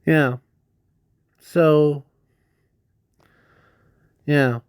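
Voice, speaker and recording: A man slowly narrating an improvised fan story, halting often with restarts and fillers. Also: mid-range voice, darkish tone, no room sound.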